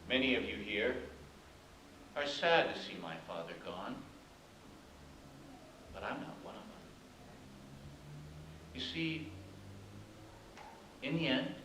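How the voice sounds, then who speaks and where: A man playing a resentful young son who talks in a cold, deliberate way about his dead father. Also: fairly low pitch, bright, forceful tone, reverberant, a little hiss or hum, exaggerated voice, poor audio. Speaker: actor. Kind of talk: indie short film acting.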